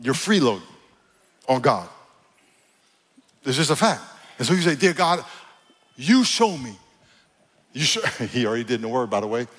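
A man's voice: mid-range voice, expressive, a little fast, pauses often, a bit bright. A man preaching a sermon as pastor, emphatic and joking with the congregation in a church hall. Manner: emphatic, preachy, jokey with crowd.

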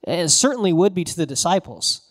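A pastor preaching a conversational sermon, telling the story casually and animatedly with bits of slang. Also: male voice, high voice, sing-song, fast talker.

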